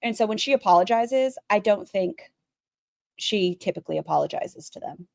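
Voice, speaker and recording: A woman giving blunt, crude, sarcastic commentary on a livestream she is watching, breaking into high mocking voices. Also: lively intonation, normal speed, creaky, a little mellow, no echo. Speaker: commentary streamer reacting to a livestream. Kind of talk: casual reaction commentary.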